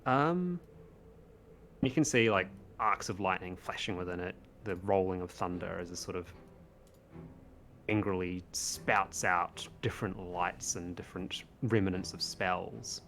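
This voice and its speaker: A man's voice: sits low, a little slow, a bit bright. A man narrating as game master, describing scenes and teasing his players.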